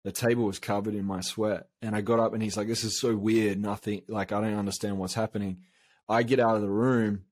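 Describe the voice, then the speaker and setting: A man's voice: fairly low pitch, little pitch movement, fairly quick, a little mellow, dry recording. A man from Australia, a coach, telling a long personal story in a casual interview, rambling with many fillers and restarts. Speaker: guest, coach.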